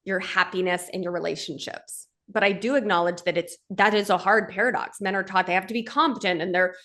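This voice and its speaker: A woman's voice: mid-range voice, fairly even intonation, a little fast, fairly bright tone. Earnest woman podcast host, direct. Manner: earnest, direct, checks in with the listener ("right?"). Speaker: podcast host and men's coach. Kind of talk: conversational podcast teaching.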